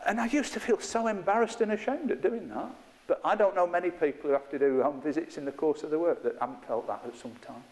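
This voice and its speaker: A middle-aged workshop trainer leads a live group in a training room, chatty, playful and quick to poke fun at himself. His voice runs a little high, he talks fast, and the sound trails off in a long reverb.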